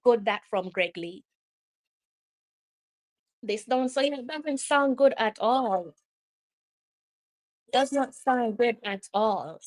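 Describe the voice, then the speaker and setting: A woman with a Jamaican accent and a fairly high voice commentates over a live football match for her stream. She is excitable and exasperated, and drifts between standard English and patois as the play unfolds. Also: takes it slowly, long pauses.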